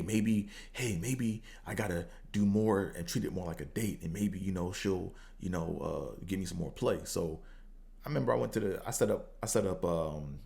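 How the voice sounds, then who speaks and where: Man, fairly low voice, casual storytelling, slangy and profane, acts out quotes. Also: vocal fry. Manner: animated, acts out quotes with big pitch jumps. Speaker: podcast host.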